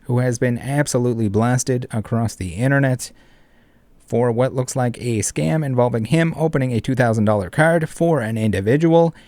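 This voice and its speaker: A man's voice: mid-range voice, moderate pace, darkish tone, no room sound. A man hosting an online commentary video, ranting in an indignant, profane, emphatic way. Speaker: commentary channel host.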